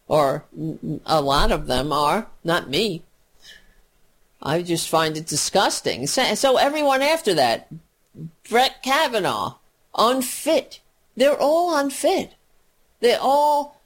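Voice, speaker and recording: A woman's voice: medium pitch, animated, measured pace. A woman giving an exasperated, profane political rant, mocking the people she talks about.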